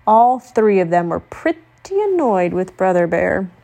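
A woman reading a children's picture book aloud, telling it in a gentle, expressive storytelling voice. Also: mid-range voice, a little slow, gravelly. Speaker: storybook reader.

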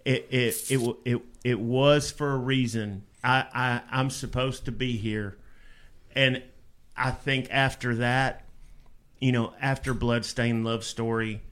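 A man's voice: mid-range voice, fairly even intonation, slow pace, a bit bright. Blunt, cussing male rock singer. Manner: blunt, profane, rambling. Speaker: guest, rock vocalist. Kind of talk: casual interview storytelling.

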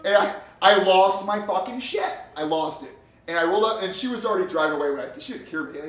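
Young guy ranting fast with lots of swearing, kinda far from the mic, echoey room. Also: high-pitched. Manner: profane, animated storytelling. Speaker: podcast co-host. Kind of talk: casual chat. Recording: roomy sound, distant from mic.

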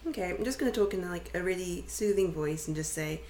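Woman, tabletop player, hesitant, low-pitched, echoey room. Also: brisk, hardly any pauses, a little mellow, a little hiss or hum. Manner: hesitant, polite questions. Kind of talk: casual game chat.

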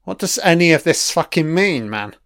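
A man's voice: a little high, very animated, moderate pace, fairly bright tone, no room sound, clean studio sound. Sweary sarcastic man ranting. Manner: profane, sarcastic, grumbling. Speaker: commentator. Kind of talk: ranting audio commentary on a TV episode.

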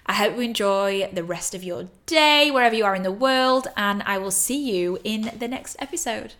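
A woman's voice: mid-range voice, moderate pace, a bit bright. A young woman hosting a casual solo podcast, talking earnestly and with emphasis, swearing now and then. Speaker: podcast host.

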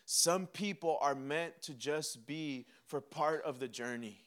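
A young man preaching a sermon, animated and humorous, acting out little dialogues with himself and God. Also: fairly high pitch, unhurried. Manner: mixes laughter and humor into preaching. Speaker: pastor.

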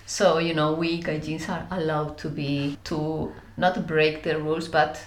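Woman from Spain, lively storyteller. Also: low voice, unhurried, reverberant. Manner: animated, laughing, acts out scenes. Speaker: interview guest. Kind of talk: reflective storytelling.

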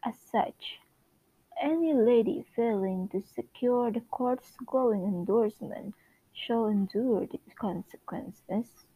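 A woman voicing a grand, gossiping society columnist in a put-on British accent, reciting slowly and theatrically. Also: a little high, husky, narrow, tinny audio, exaggerated voice. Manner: slow, stately, theatrical recital. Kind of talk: amateur dramatic reading.

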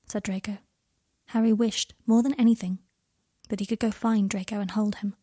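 Woman reading a fanfic out loud, kinda husky, dry close sound, does all the parts herself. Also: medium pitch, flat delivery, moderate pace, dry recording. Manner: reads both characters' dialogue and texts in one voice. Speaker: fan fiction audiobook reader. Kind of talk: scripted narration.

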